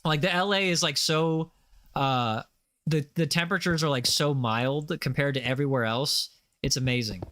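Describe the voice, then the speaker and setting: A man's voice: fairly high pitch, normal speed, fairly bright tone, no echo, clean studio sound. A man chatting casually on a gaming livestream, rambling with lots of fillers and playful boasts. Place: home setup, lives in Los Angeles.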